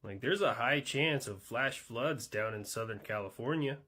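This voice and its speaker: A man voicing a laid-back California man who talks slow and low-key. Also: pushed and bright. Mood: mellow.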